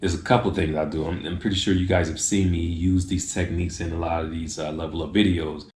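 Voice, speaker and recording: A man's voice: deep voice, level tone, fast talker, darkish tone, reverberant, slight background noise. A man hosting a video, giving casual tips straight to the camera and acting out little exchanges in other voices. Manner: acts out short exchanges in changed voices.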